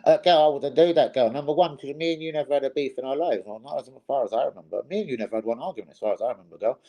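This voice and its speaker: A man's voice: mid-range voice, rapid-fire, warm tone, rough recording. Swearing man on a live stream. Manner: swearing, talks to viewers as "bros". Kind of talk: casual live stream chat.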